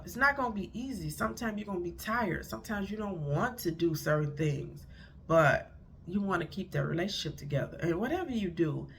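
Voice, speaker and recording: A woman's voice: mid-range voice, vocal fry, slight background noise. A middle-aged woman, a marriage counselor, giving blunt, rambling relationship advice, recorded on her phone. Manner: chatty, blunt, rambling with self-corrections. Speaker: marriage counselor and life coach vlogger. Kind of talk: casual advice monologue to camera.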